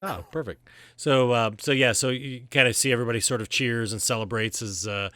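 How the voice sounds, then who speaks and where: A man narrating a tabletop game as game master in a casual, halting way with many fillers. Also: medium pitch, steady tone, bright, forceful tone, no room sound, studio quality.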